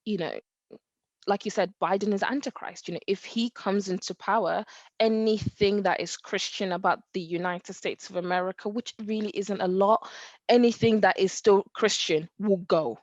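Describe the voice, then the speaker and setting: A woman co-hosting a podcast, talking casually and acting out quotes with animated emphasis. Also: medium pitch, moderate pace, no room sound, highs cut off. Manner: animated, acts out quotes, laughs. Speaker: podcast co-host. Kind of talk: casual faith discussion.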